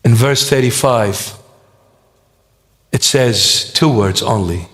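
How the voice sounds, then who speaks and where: A man's voice: mid-range voice, slow, pauses often, a bit bright. A man preaching a sermon to a congregation in a church. He speaks in a dramatic way and acts out the scripture quotes. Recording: long church hall reverb.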